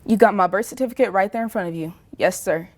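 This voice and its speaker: A man's voice: high-pitched, quick pace. A woman voicing a young male army veteran who gives short, guarded answers.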